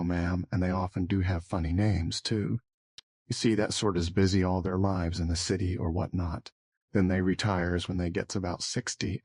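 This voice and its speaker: A good-natured, talkative police inspector in a storybook, as a male narrator plays him. The voice sits low with some huskiness. The sound is close and dry. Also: darkish tone, slightly rough, no echo.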